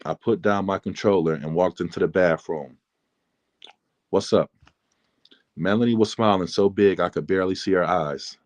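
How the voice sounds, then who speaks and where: A man reads aloud from his own memoir in a calm, measured way. His voice is very deep. The recording is dry and close, with no room sound. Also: no echo. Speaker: author reading his book. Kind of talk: memoir reading.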